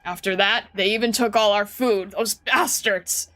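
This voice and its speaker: A woman's voice: medium pitch, a little slow, sharp tone. A woman voicing a wary, defensive middle-aged male farmer who talks in a blunt, grumbling way, over faint background music.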